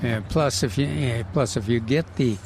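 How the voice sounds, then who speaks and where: A man talks through garden advice in a gravelly voice, full of "uh"s and restarts. His casual radio chat is recorded outdoors at a nursery, with faint background noise. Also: mid-range voice, a little mellow. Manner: halting, many fillers and restarts. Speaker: gardening show co-host.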